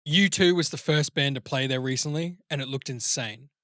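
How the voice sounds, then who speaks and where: A podcast co-host chats casually and animatedly, swearing freely. His mid-range voice moves at a moderate pace, and the recording is dry with clean studio sound.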